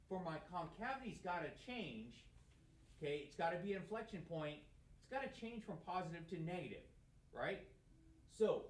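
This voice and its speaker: A man giving a math lecture in a classroom, talking casually and asking questions that he answers himself. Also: on the high side. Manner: conversational, asks questions and answers them himself. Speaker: math teacher. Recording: echoey room.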